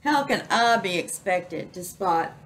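A woman voicing a rude, grumbling male siphonophore who mumbles in a low voice. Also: expressive, measured pace, fairly bright tone, slight background noise, low-quality recording.

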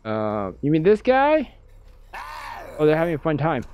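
Excitable jokey male gamer narrating play, very lively pitch. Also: a little slow, muffled recording, a little hiss or hum. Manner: excitable, jokey, talks to himself. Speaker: game streamer. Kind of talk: let's play commentary.

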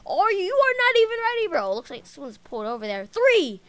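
A woman narrating her own driving role-play in a game in a chatty, excitable way, tossing out "bro" and "dude" as she talks. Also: extremely high pitch, a little fast, slight background noise. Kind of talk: casual in-character game role-play commentary.

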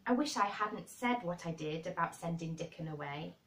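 A woman voicing a frail, excitable boy who gasps and cries out eagerly. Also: normal speed. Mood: wistful. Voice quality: high, breathless, gasping. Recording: roomy and distant.

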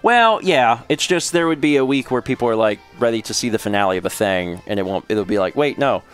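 A man's voice: mid-range voice, quick pace, clean tone, soft background music. A man hosting a casual game stream, thinking aloud and laughing often as he sets up. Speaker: streamer host. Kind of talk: casual chat while setting up a game stream. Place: home streaming setup.

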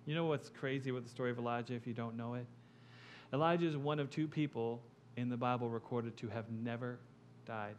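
A male pastor delivering an impassioned sermon, building to loud emphatic peaks and dropping quiet. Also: medium pitch, brisk, a little hiss or hum.

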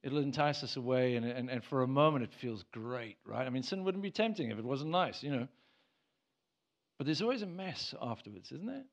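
A man preaching in church, earnest and direct, with a voice at a middle pitch. He stumbles over restarts, then pushes into emphatic bursts. The recording of the service sounds a little dull. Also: expressive, a little fast. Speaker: pastor. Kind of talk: sermon.

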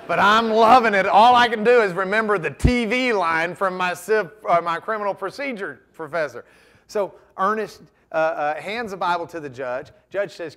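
A man lecturing a class tells a courtroom story with flair, his voice sitting fairly high. He builds from quiet asides to loud, dramatic bursts. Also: normal speed. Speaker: guest lecturer, trial lawyer.

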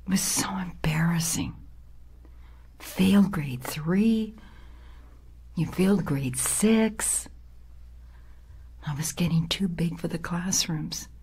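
An older woman telling her own life story with feeling, now and then dropping to a whisper for weight. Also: deep voice. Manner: emotional, dramatic, drops to a hushed whisper. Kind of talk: personal life story told to an audience.

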